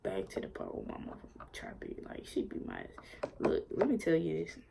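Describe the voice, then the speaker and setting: A young woman casually telling a personal story, animated and full of swearing, acting out what others said. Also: sits low, a little fast, gravelly. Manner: animated, swearing, acts out quotes. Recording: faint background noise.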